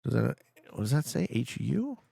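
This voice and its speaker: Young male streamer, jokey running commentary, expressive pitch, close and dry. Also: normal speed, gravelly, slightly rough, no room sound. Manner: joking, talks back to his chat. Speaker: streamer playing a geography guessing game. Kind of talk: casual live gameplay commentary.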